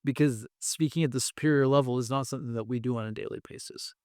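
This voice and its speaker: A man's voice: mid-range voice, fairly even intonation, fast talker, a little mellow, no echo, clean studio sound. A man speaking as an expert guest in an interview, explaining ideas step by step with examples. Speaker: guest expert on language testing.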